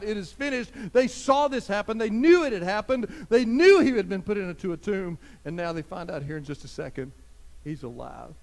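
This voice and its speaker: A man preaching a sermon as pastor, talking straight to his listeners, swinging from loud emphasis to soft, hushed lines. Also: high voice. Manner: conversational, addresses listeners directly.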